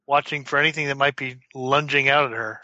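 A man with a bright, sharp voice plays a tabletop game, joking and drawing out his words. His voice comes over a dull, lo-fi voice chat line. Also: medium pitch, steady tone, brisk. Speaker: player. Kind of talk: casual tabletop play.

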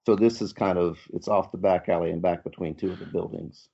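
A man running a tabletop game as game master, narrating in a relaxed, halting way. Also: deep voice, creaky, husky. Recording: muffled lo-fi audio.

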